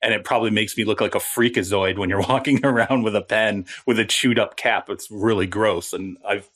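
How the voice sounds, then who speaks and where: Brief: low-pitched male sports reporter, animated and chatty. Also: fairly quick. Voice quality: animated, storytelling. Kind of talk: casual sports talk.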